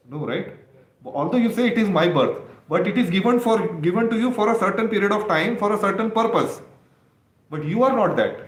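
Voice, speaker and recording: Indian man preaching a sermon in echoey hall. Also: a little high. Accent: Indian English. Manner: explanatory, asks rhetorical questions, mixes in Sanskrit terms. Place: congregation hall. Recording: echoey room with faint background noise.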